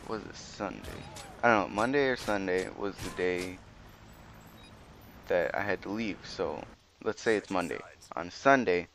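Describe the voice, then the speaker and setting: A man's voice: sits low, measured pace, a bit bright, slight background noise. Casual young man rambling over gameplay. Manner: rambling and informal, with swearing. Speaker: gaming video commentator.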